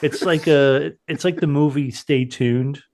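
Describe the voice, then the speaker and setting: A man co-hosting a podcast, rambling in a halting, joking way and swearing freely. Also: on the high side, fairly even intonation, crowd noise. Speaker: podcast co-host. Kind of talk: casual comedic chat.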